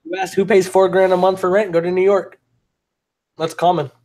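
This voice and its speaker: A man's voice: high-pitched, little pitch movement, moderate pace, warm tone. A man hosting a casual show, telling loose, profane stories and laughing often. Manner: swearing, laughing storyteller. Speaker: show host. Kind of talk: casual chat.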